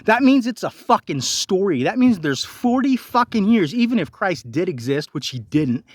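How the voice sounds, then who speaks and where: A man's voice: high voice, big pitch swings, moderate pace, no echo, clean studio sound. A man delivering an angry, profane ranting monologue, confronting the listener with repeated rhetorical questions. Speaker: vlogger.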